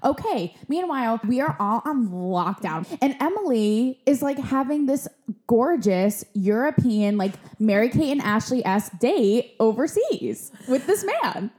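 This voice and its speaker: A woman's voice: on the high side, big pitch swings, a little mellow. Dramatic, teasing young woman. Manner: dramatic, teasing, quick bursts. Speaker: podcast co-host. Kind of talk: casual chat.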